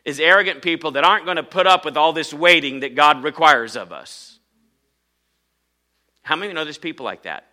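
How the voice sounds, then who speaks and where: A man's voice: a little high, brisk, sharp tone. A man, a pastor, preaching a sermon in church, emphatic and often asking the congregation questions.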